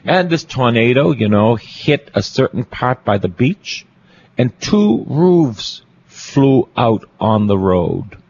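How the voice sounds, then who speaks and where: A man's voice: mid-range voice, lively intonation, slow, a little mellow, dull audio, slight background noise. A Catholic priest, a man, preaching a storytelling sermon, repeating phrases for emphasis and asking his listeners questions.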